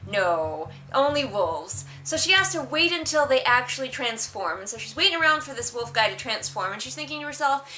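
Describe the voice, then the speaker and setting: Sarcastic bright-voiced woman reviewer. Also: high-pitched, a little fast, hardly any pauses, faint music behind. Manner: sarcastic, animated, exasperated. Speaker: book reviewer. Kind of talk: casual vlog review.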